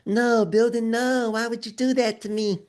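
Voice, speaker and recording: Whiny, panicked student complaining to a mentor, put on by a man, slightly raised and hushed. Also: very high voice, flat delivery, normal speed, pitched above the performer's own voice. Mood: whining. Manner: whiny, pleading, exaggerated.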